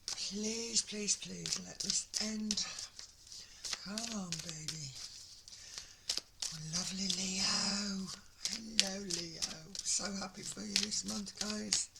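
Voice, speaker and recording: A woman giving an excitable, gushing tarot reading, full of exclamations and sighs. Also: medium pitch, slow pace, vocal fry, very noisy. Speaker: tarot reader.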